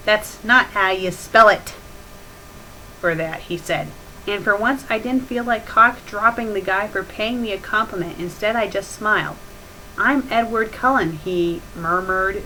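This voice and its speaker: A woman's voice: medium pitch, moderate pace, bright, forceful tone, slight background noise, rough recording. A woman hosting a fanfiction critique show, reading the story aloud and breaking in with mocking, exasperated corrections. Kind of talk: sarcastic dramatic reading with commentary.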